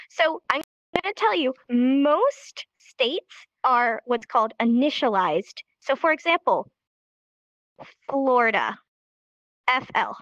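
A woman's voice: on the high side, fairly bright tone, no room sound. A woman teaching a live online sign language class in an upbeat, encouraging way, recorded as dull lo-fi stream audio.

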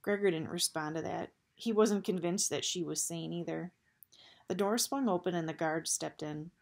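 A woman reading a novel aloud in a steady storytelling manner. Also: fairly low pitch, normal speed, creaky. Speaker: audiobook reader.

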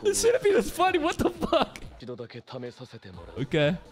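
An anime reaction channel host giving casual, excitable commentary, swearing often and laughing a lot. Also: very high-pitched, a little slow, soft background music.

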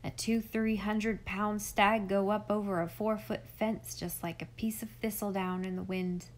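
A woman's voice: mid-range voice, little pitch movement, unhurried, lightly acted. A woman reading a folksy old farmer uncle. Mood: enthusiastic. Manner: homespun, rambling. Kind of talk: audiobook character reading.

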